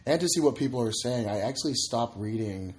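A man's voice: mid-range voice, animated, a little fast, noisy background. A man, a comedian and podcast guest, chatting casually and acting out voices in his stories. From Egypt / United States. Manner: storytelling, acts out voices in anecdotes.

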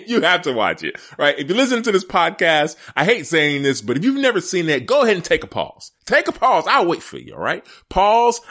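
A man's voice: fairly high pitch, fairly bright tone. A middle-aged man hosting a casual sports podcast, emphatic and laughing often as he talks straight to his listeners. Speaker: podcast host.

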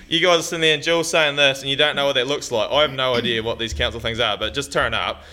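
A man's voice: medium pitch, steady tone, quick pace, hardly any pauses, over a noisy crowd, very noisy. A young man with a New Zealand accent telling a blunt, swearing, laughing story to an audience. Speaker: farmer speaker.

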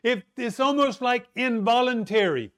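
A man preaching a sermon, slow and emphatic, asking rhetorical questions and leaning on dramatic pauses. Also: very high voice, fairly bright tone.

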